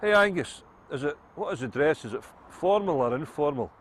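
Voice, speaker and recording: A man's voice: a little high, expressive, fairly quick, a little mellow, a little hiss or hum, natural voice. A man voicing an eager English yuppie from London who agrees to everything in a told joke.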